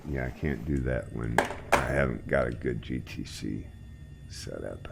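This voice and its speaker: A man hosting a flight sim group, chatting in a relaxed, rambling way while he flies. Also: a bass voice, unhurried, creaky, very noisy. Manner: relaxed, rambling, trailing off quietly. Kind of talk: casual chat while flying.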